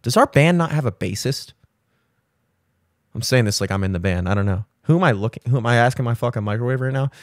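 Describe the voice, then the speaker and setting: A young man hosting a solo podcast, telling a rambling, animated story with voiced asides. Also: medium pitch, fast, dry recording, studio quality. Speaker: podcast host. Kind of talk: solo casual chat. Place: home studio.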